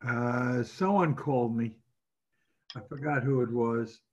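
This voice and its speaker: A man chatting casually on a call, answering in quick, easygoing short replies. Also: mid-range voice, lo-fi sound. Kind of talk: casual chat over a call.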